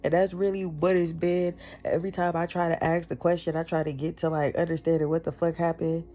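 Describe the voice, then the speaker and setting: A woman in her thirties with a notably low voice talks straight to camera, blunt and profane. She leans hard on her words in a candid, unscripted monologue. Faint music sits underneath her. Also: flat delivery, fairly quick, dark tone. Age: 30s. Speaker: vlogger.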